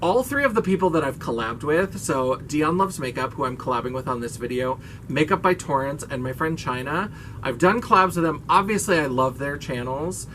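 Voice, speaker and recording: A man's voice: on the high side, expressive, normal speed, a bit bright, slight background noise. A man chatting casually and expressively as a beauty YouTuber, with the odd casual swear. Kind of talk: casual chat.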